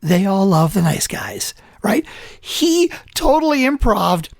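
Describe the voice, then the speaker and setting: A man co-hosting a podcast in casual chat, excitable and rambling, swearing freely. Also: high voice, takes it slowly, gravelly, dry recording, clean studio sound. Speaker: podcast co-host.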